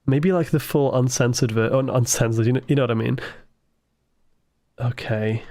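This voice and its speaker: A man livestreaming a puzzle game, thinking aloud with excited asides to his chat. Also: medium pitch, normal speed, no room sound, studio quality. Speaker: game streamer. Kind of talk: live gameplay commentary.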